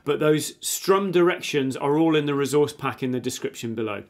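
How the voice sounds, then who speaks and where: A man's voice: on the high side, moderate pace. A man teaching a guitar lesson, patiently counting beats aloud and explaining strum directions while he plays. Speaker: music teacher. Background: guitar playing.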